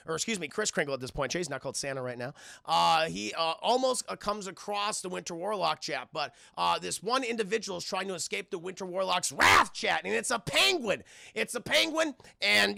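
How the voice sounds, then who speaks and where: A young man recapping a film for his live chat, profane and excitable, constantly addressing the chat. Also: sits high, fairly quick, gravelly, no echo, studio quality. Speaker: streamer reviewing a film. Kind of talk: casual livestream commentary.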